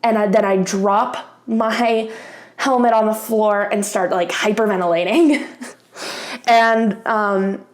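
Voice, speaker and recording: A woman's voice: medium pitch, fairly even intonation, slow, echoey room. A young woman vlogger casually telling a personal story to camera, chatty, swearing freely, with lots of fillers. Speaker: craft vlogger.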